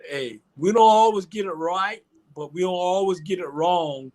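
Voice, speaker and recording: Tearful older man, voice a bit high. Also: a little mellow. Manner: halting, repeats words, says "man" often. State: crying. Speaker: show host. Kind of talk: emotional heartfelt tribute.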